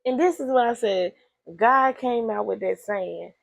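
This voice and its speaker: Gravelly-voiced woman retelling a story. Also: a little high, measured pace, dry recording. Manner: animated, slangy, talks straight to listeners; laughs often. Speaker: host. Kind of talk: casual storytelling commentary.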